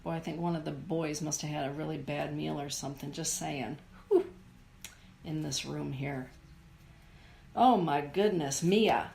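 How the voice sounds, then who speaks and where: A middle-aged woman giving a live oracle card reading to viewers, speaking in a soothing, unhurried way. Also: sits low, creaky, a little mellow, a little hiss or hum. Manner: slow, soothing, unhurried delivery. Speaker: spiritual card reader.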